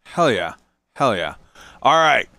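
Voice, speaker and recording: Lively, loose-talking male podcast host. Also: medium pitch, slow, creaky, dry recording. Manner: loose, drinking and joking, lively swoops. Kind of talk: casual chat.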